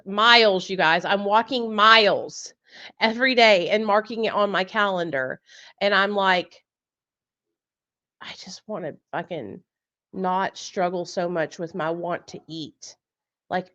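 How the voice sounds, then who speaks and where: A blunt, foul-mouthed woman hosting a casual live chat and laughing often. Her voice sits at an ordinary middle pitch. The audio is a little dull and lo-fi, like a video call. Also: a bit bright. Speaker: podcast host.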